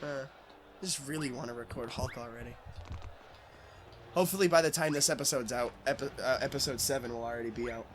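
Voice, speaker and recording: A man's voice: medium pitch, brisk, background noise. A young man hosting a let's play, rambling and swearing in casual chat and laughing at his own jokes.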